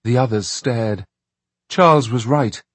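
A man narrating an audiobook with lively, expressive storytelling. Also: mid-range voice, measured pace, no echo. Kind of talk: scripted narration.

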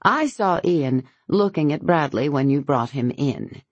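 A woman's voice: deep voice, expressive, a little slow, dry recording, highs cut off. A woman voicing a nervous wife who insists on what she saw, in an audiobook. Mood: uneasy. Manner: hesitant, then firm.

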